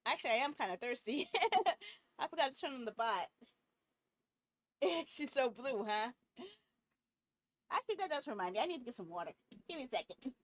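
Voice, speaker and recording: Giggly, high-voiced woman streamer. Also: sing-song, dry recording. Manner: giggly, talks quickly in asides. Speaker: game streamer. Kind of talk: casual chat while playing a game.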